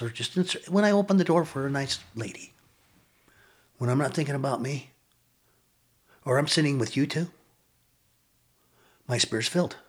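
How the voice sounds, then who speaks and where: An older man, a podcast guest, telling his personal recovery story in an earnest, reflective way with frequent pauses. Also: mid-range voice, husky.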